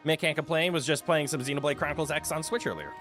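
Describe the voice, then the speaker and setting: A man's voice: fairly high pitch, quick pace, fairly bright tone, soft background music. A man streaming a video game, chatting playfully with his viewers and laughing often. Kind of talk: casual gameplay commentary.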